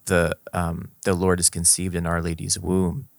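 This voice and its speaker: Deep-voiced man in reflective talk. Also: monotone, vocal fry, no echo. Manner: reflective, unhurried, searching for words. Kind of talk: casual faith discussion.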